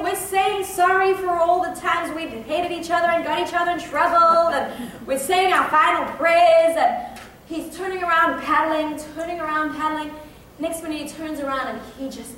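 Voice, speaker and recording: A woman preaching a sermon, telling a personal story with animated shifts from hushed suspense to high excited outbursts. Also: moderate pace, slight background noise. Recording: echoey hall, voice from a distance.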